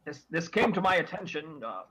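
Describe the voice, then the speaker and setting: Guy doing a stuffy talking crow, high and husky, super polite and stammery. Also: sing-song, a little fast, bright, forceful tone, full character voice, poor audio. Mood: pompous. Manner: stammering, overly polite and long-winded. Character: pompous talking male crow, fussy and formal.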